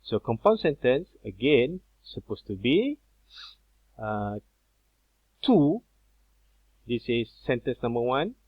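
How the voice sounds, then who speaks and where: A male teacher explains grammar at an unhurried, deliberate pace, often pausing on fillers and repeating key points. His voice sits at a middle pitch. The recording is dry and a little dull, like a laptop mic in a small room. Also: very animated, no room sound. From Malaysia. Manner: slow, repetitive explaining with many fillers.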